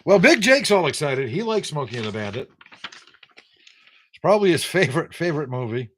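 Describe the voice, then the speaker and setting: A man's voice: fairly high pitch, big pitch swings, brisk, fairly bright tone, slight background noise. An older man from the United States runs a casual trivia livestream. He is teasing and wry, reading viewers' answers aloud and joking back at them. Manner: teasing, sarcastic, reads viewer names aloud. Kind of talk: casual live-chat trivia banter.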